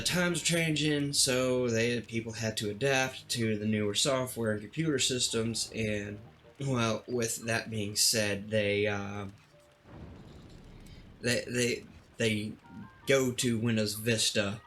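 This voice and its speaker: A man's voice: mid-range voice, a bit bright. Exasperated man ranting at his rig. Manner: exasperated, dramatic complaining with many restarts. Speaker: streamer. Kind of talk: casual ranting vlog.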